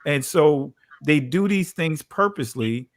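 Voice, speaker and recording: A man's voice: on the high side, lively intonation, unhurried, no room sound, studio quality. A man with a New Jersey accent, a pastor, talking in a casual online discussion and often filling his speech with "you know". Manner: conversational, frequent "you know" fillers.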